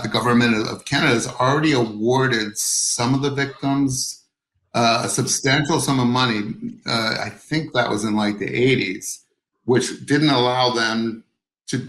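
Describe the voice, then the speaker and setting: A man's voice: fairly low pitch, a bit bright, roomy sound, rough recording. A man, an author being interviewed, who talks hesitantly with many fillers and restarts. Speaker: author guest. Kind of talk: interview over video call.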